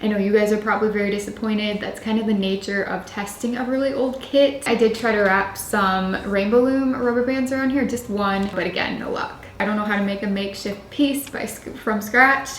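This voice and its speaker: A woman's voice: moderate pace, few pauses, a bit bright. Dry-voiced young woman vlogger. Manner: dry, low-key delivery with little pitch range. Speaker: craft channel host. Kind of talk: casual product-testing vlog. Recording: echoey room with faint hiss.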